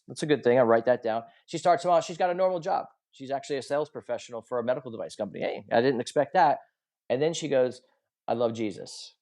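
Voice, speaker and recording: This is a man in his forties speaking as a guest on a podcast. He tells his story earnestly and confessionally, and he plays out the quoted conversations as he goes. His voice sits at an ordinary middle pitch. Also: darkish tone. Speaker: podcast guest, coach and author.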